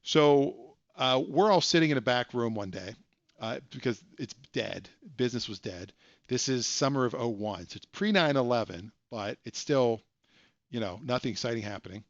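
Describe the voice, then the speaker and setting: Streaming live from his computer at home, a man tells a casual story in a chatty, self-deprecating way, full of joking asides. His mid-range voice is animated and at normal speed, and the audio is dull with no echo.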